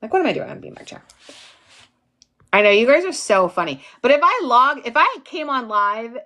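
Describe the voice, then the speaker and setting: A woman's voice: a little high, big pitch swings, brisk, pushed and bright. A tired woman in her forties, an instructor chatting casually and goofily with livestream viewers, reading their names and laughing often. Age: 40s. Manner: goofy, giggly, talks to chat by name.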